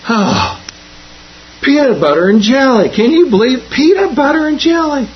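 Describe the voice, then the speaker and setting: Guy doing a whiny grade school kid, high and squeaky, complaining, muffled lo-fi sound. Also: very animated, measured pace. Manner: complaining, exaggerated.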